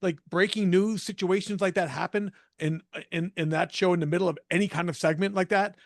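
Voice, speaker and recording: A man hosting a live video-call show, chatting in a relaxed, complimentary way. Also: high-pitched, fairly quick, no room sound, studio quality. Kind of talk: casual interview chat.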